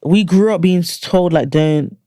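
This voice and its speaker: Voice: mid-range voice, animated, normal speed, no echo, clean studio sound. A guest with a London accent in casual podcast chat, telling stories animatedly and acting out reactions with swearing.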